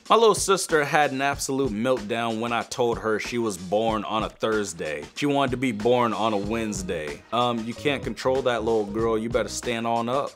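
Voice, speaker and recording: A young man hosting a comedy commentary video who mocks clips in a playful way, exclaiming often. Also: medium pitch. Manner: playful, mocking, exclaims a lot. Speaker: YouTube comedy host.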